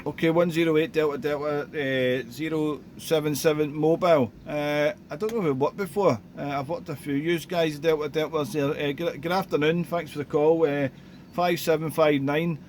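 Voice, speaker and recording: A man, chatting casually over CB radio, relaxed and rambling with lots of radio jargon. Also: on the high side, moderate pace. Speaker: CB radio operator. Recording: faint background noise.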